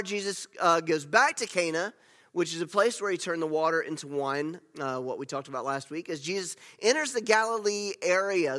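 A man preaching a sermon as pastor, telling the story with animated swings between loud emphasis and hushed asides. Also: sits high. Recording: long reverb of a large hall.

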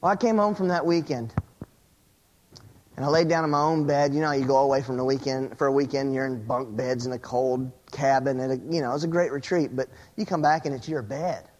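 A man preaching a sermon as a pastor, telling a personal story that sinks to a hushed low voice in tense moments and climbs when he gets excited, often repeating words as he restarts a phrase. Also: fairly quick, muffled recording, slight background noise.

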